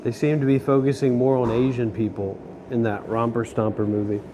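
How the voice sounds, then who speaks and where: A man's voice: medium pitch, little pitch movement, fairly quick, dark tone, a little hiss or hum. A man vlogging while he walks through city streets and a station, ranting in a profane, sarcastic, grumbling way. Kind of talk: casual rant while walking.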